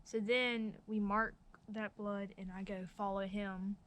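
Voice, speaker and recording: A woman's voice: mid-range voice, level tone, measured pace, fairly bright tone. Shy teenage girl telling a story, faint background hiss. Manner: shy, hesitant, many ums and likes. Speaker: interviewee. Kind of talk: casual storytelling.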